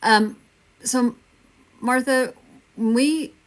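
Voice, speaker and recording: A woman's voice: a little high, extremely slow. A woman in her fifties from Texas, hosting a casual livestream and chatting reassuringly with viewers by name. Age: 50s. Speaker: livestream medium host. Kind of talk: casual livestream chat answering viewer comments.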